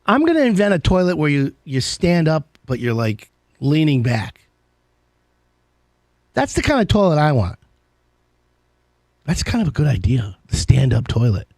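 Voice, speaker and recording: In clean studio quality with no room sound, a man's slightly mellow, mid-range voice comes through. He's a radio host running a live home-services call-in show, keeping the chat casual with jokey, meandering asides.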